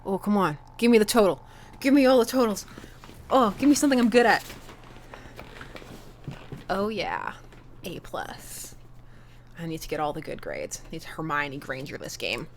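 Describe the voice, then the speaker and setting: A woman streaming a video game, commenting in a chatty, self-mocking, excitable way. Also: mid-range voice, moderate pace, pauses often, slight background noise. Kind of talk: let's-play commentary.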